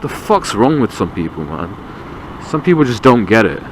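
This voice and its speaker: A man's voice: on the low side, sing-song, normal speed, low-quality recording. A young man, a learner driver ranting and swearing in exasperation while he drives. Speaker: learner driver filming himself. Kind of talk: ranting in-car commentary. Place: inside a car on a busy road. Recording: car interior with loud road and traffic noise.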